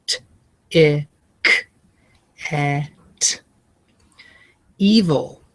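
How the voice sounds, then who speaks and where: Teacher for a spelling lesson prep walkthrough, unhurried, sounds words out letter by letter. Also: medium pitch, fairly bright tone. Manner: friendly, chatty asides. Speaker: reading teacher coaching other teachers.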